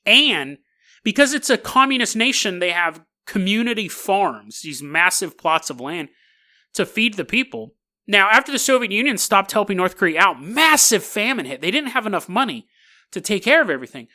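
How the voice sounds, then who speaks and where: A man's voice: sits high, sing-song, normal speed, pushed and bright. A man hosting a podcast, telling a story in a joking, playful way and acting out silly little scenes. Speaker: podcast host. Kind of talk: comedic storytelling monologue.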